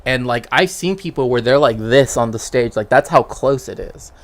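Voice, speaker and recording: A man's voice: mid-range voice, normal speed. A man streaming as a cultural historian, talking casually and rambling, checking in with tag questions. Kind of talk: casual livestream chat.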